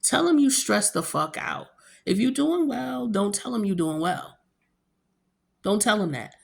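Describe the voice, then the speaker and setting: A woman's voice: mid-range voice, expressive, a little slow, vocal fry. Blunt, slangy woman giving a tarot reading. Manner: chatty and blunt, loose slang and frequent cursing. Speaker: tarot card reader. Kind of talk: casual tarot reading to camera.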